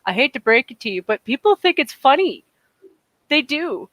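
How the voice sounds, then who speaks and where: A woman with a fairly high voice holds forth in casual podcast chat, emphatic and opinionated and often restarting her sentences. The sound is dry and close, with no room in it. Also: normal speed, no room sound. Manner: animated, emphatic, with frequent restarts. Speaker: podcast co-host.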